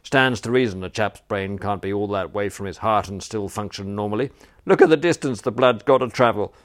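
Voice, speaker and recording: A man's voice: on the low side, a little fast, natural voice. A man reading an audiobook, voicing a peevish, rambling elderly duke who blusters along. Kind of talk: audiobook character voice.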